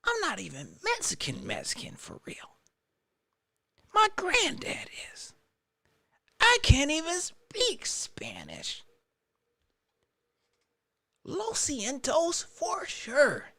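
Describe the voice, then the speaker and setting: A man putting on the voice of a shy young male quarterback who mumbles sheepishly in a hushed, whispery way. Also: very high-pitched, huge pitch swings, slow, creaky, long pauses, no echo, pitched above the performer's own voice, full character voice.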